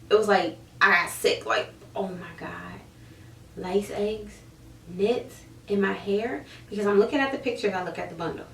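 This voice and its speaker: A woman in her thirties telling a story to camera in a casual, animated way, acting out her own reactions. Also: mid-range voice, a little hiss or hum. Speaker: hair seller vlogger. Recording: roomy, mic at a distance.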